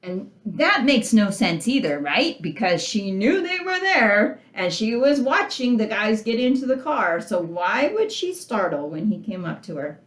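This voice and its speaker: A woman's voice: mid-range voice, unhurried, hardly any pauses, roomy sound. A woman teacher reading a short story aloud and discussing it, often asking her listeners questions. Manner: animated, talks to listeners with questions, reads passages aloud. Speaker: literature teacher.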